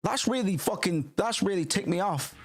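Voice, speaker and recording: A man streaming casually and reacting to music, rambling and excitable, with frequent swearing. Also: sits high, moderate pace.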